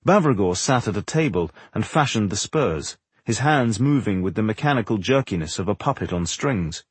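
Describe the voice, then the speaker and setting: A man narrating a fantasy audiobook in a measured, expressive storytelling manner. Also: on the low side, husky, dry recording. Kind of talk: scripted narration.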